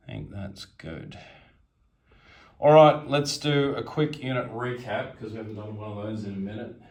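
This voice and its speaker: A man narrating his turn in a strategy board game, methodically counting units and pieces aloud as he moves them. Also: lowish voice.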